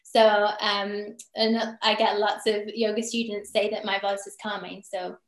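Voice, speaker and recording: A woman's voice: mid-range voice, flat delivery, unhurried, reverberant. A woman from northeast England, a yoga teacher chatting as a podcast guest over a video call. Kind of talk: casual interview chat. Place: home in Durham, on a video call.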